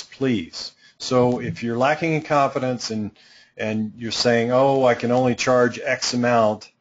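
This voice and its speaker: A middle-aged man teaches coaches in a training seminar, direct and emphatic with a playful edge. His voice is husky and sits at an ordinary pitch. The recording sounds dull and lo-fi. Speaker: coaching instructor.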